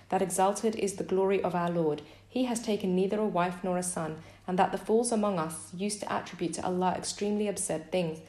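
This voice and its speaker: A woman reading a scripture translation aloud in a measured, steady recitation. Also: fairly low pitch, reverberant. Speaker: scripture reader.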